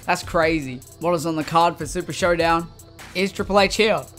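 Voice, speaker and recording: A man giving casual, slangy commentary over a wrestling video game, swinging from low muttering to excited shouts. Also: normal speed, faint music behind. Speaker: gaming YouTuber.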